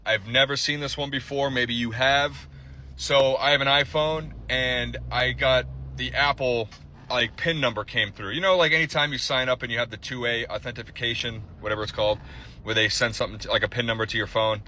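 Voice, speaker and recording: A man telling a story in a casual vlog, animated and profane, acting out both sides of a phone call. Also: mid-range voice, a little fast, a little hiss or hum. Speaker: social media storyteller.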